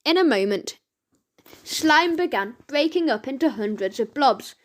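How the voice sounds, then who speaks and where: A woman with a high, bright-pitched voice reads a children's story at an unhurried pace. She tells it plainly, sometimes tripping and correcting herself mid-sentence. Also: lively intonation. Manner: reads slowly with self-corrections. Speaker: reader. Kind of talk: children's audiobook reading.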